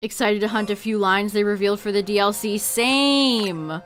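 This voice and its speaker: A woman's voice: medium pitch, moderate pace, a bit bright, slight background noise. A woman streaming a game, chatting casually with her viewers, laughing often and trailing off mid-sentence. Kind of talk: casual livestream chat to viewers.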